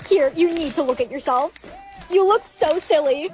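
A woman's voice: sits high, normal speed, a little mellow, close to an everyday voice. A text-to-speech woman's voice playing a teasing friend and a strict mom.

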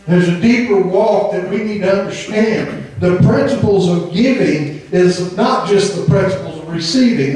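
A man preaches with a fervent, emphatic delivery, peppering his sermon with amens and now and then singing a phrase. His voice sits high for a man. He sounds far from the mic in a very echoey church hall. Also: darkish tone. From Southern Indiana. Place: church sanctuary.

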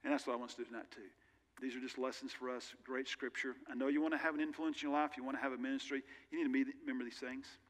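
A man's voice: medium pitch, steady tone, rapid-fire, a bit bright. A male pastor preaching a sermon in an earnest, conversational way with candid personal asides, recorded in a church sanctuary. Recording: long reverb of a large church hall.

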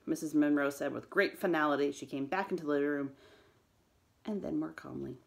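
A woman, a school librarian, reading a chapter book aloud to students, her voice jumping high for the children's lines. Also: fairly even intonation, normal speed, creaky.

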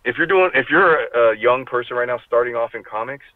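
A man's voice: medium pitch, brisk, no room sound. A middle-aged man talking in a casual, rambling and profane way, as an interview guest speaking from his car over a video call. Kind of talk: casual chat. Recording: tinny call audio, dry.

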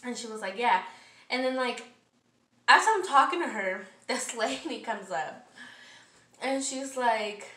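A woman's voice: a little high, measured pace, long pauses, reverberant, distant mic. A woman vlogger telling a story in a casual, exasperated rant full of swearing, talking in her kitchen. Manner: heavy profanity, animated, exasperated. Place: home kitchen, cooking.

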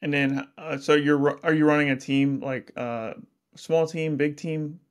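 A man's voice: fairly high pitch, fairly even intonation, unhurried. Upbeat man hosting an interview. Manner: upbeat, many fillers like "like". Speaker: podcast host. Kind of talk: casual interview chat.

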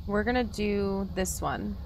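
A woman's voice: mid-range voice, measured pace, noisy background. A woman streaming a game, chatting casually and talking to her viewers by name. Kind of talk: casual live-stream chat while gaming.

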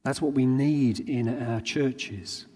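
A man's voice: medium pitch, steady tone, slow pace, warm tone. A man giving an earnest sermon at a conference, drawing on everyday anecdotes to make his points. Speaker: conference speaker. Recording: long hall reverb.

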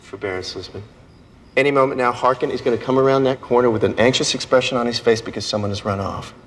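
A man's voice: mid-range voice, quick pace, big-room sound, lightly acted. An actor playing a playful, cocky male consultant in a TV drama, talking in a teasing, breezy, coaxing way. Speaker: police consultant. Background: faint film score music.

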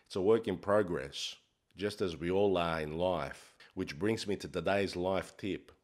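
A man's voice: deep voice, unhurried, darkish tone. A man playing a brash, crude life coach, swearing in a swaggering, mock-profound comic monologue. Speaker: comedy character host.

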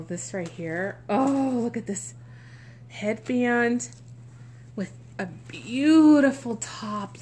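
A woman's voice: a little high, slight background noise. A woman vlogger chatting through an unboxing, gushing and exclaiming with frequent gasps. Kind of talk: unboxing vlog chat.

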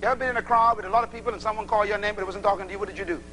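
A man's voice: sits high, racing, a little hiss or hum, poor audio. A man preaching a sermon to a congregation, acting out little dialogues as he teaches. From Bahamas. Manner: animated, acts out little dialogues.

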